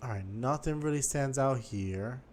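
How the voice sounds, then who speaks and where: A man's voice: mid-range voice, measured pace, a little mellow, slight background noise. A man giving casual gameplay commentary, chatty and thinking aloud as he explores, with faint game music behind him. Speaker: gaming YouTuber.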